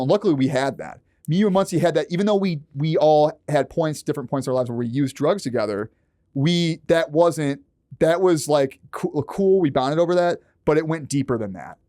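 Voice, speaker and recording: A man talking as a guest on a podcast, animated and swearing often as he acts out quoted lines. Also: on the high side, no room sound, studio quality. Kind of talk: casual podcast chat.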